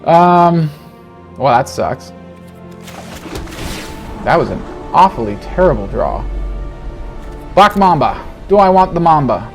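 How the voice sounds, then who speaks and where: A man giving casual, animated commentary on his own card game, talking to himself and joking through his frustration. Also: mid-range voice, a little slow, creaky, long pauses, faint music behind. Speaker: game streamer. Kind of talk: gameplay commentary.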